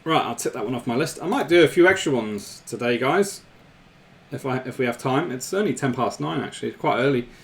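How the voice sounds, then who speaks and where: A man's voice: medium pitch, expressive, brisk, vocal fry. Chatty man hosting a stream. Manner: chatty, laughs often, repeats himself. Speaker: live stream host. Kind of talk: casual live stream chat with viewers.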